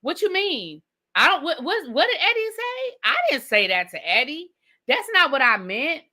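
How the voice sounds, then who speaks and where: A woman's voice: high voice, very animated, normal speed, bright, forceful tone, pitched above the performer's own voice, full character voice. A woman voicing a flustered man who stammers out defensive denials.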